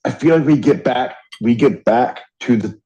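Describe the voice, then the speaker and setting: A man's voice: mid-range voice, normal speed, warm tone. A man co-hosting a podcast in casual chat, heated and swearing freely as he rants. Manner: heated, profane ranting. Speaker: podcast co-host. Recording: dull lo-fi audio.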